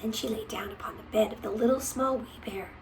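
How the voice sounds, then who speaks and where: Woman reading a kids' storybook, soft and whispery at times, faint room noise. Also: fairly high pitch, fairly quick, far from the mic, poor audio. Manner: gentle, often dropping to a whisper. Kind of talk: reading a picture book aloud to a child.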